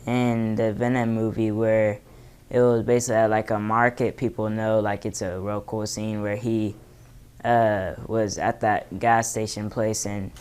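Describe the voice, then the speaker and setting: A man's voice: fairly low pitch, flat delivery, unhurried, darkish tone, clear, resonant tone. A man casually recapping movie scenes, rambling with many fillers. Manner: loose, filler-heavy storytelling. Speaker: impressions vlogger.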